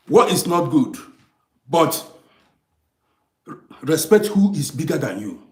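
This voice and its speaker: A man talks straight to his viewers in an emphatic, lecturing way and repeats his points again and again. His voice sits high and swings widely in pitch. The room around him is echoey. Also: big pitch swings, slow pace, long pauses. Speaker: live streamer reading comments. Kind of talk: heated monologue to viewers.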